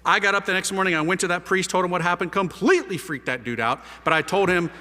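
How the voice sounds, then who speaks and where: A priest telling his conversion story to an audience, a lively storyteller using casual slang and rhetorical questions. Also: sits high, fast, hardly any pauses. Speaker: priest giving a conversion testimony. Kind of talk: animated testimony talk to an audience. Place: large hall with a live audience. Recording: reverberant hall.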